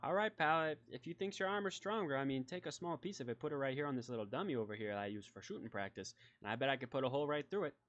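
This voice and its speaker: A man's voice: mid-range voice, animated, very fast, hardly any pauses, a bit bright, dull audio, lightly acted. A man voicing a jovial but ruthless small-town sheriff who talks in a folksy drawl and calls everyone pal, in a tabletop game.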